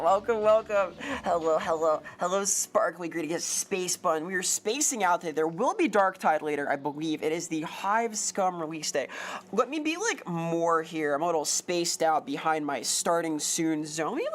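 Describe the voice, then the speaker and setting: Bubbly punny streamer woman, lowish voice. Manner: bubbly, punny, swoops up on greetings. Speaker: streamer greeting chat. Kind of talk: casual livestream chat.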